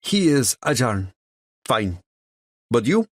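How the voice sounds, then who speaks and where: A man's voice: medium pitch, very animated, slow pace, no room sound, clean studio sound, voice pushed up. A man voicing a blunt, bossy young woman with a thick Russian accent in an audiobook, speaking in clipped, broken phrases. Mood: insistent. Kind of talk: audiobook character voice.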